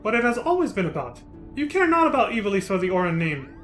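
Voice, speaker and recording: A man's voice: extremely high pitch, lively intonation, brisk, fairly bright tone, soft background music. Man reading as an urgent protective brother. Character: young man, protective elder brother, alarmed. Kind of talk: reading game dialogue aloud.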